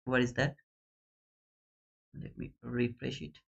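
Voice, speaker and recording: A man with a South Asian English accent hosting a live stream, chatting casually and reading names aloud with excited bursts. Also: mid-range voice, takes it slowly, gravelly, highs cut off. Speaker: trading channel host running a giveaway.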